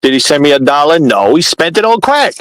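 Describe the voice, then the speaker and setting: A man's voice: a little high, big pitch swings, fairly quick, a bit bright, dry recording, poor audio. A man telling a long, profane story in casual talk on a live stream panel. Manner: rambling, heated, profane.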